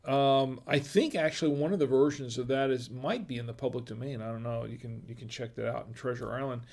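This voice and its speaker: Rambling middle-aged man with gravelly voice. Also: mid-range voice, brisk, darkish tone. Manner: rambling and digressive, chuckles often. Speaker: host of a wine review show. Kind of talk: casual livestream chat.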